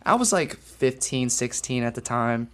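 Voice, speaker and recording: A young man co-hosting a podcast, telling a story in a casual, animated way with lots of fillers. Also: a little slow. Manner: animated, lots of fillers, acts out quotes with big pitch jumps. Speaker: podcast co-host.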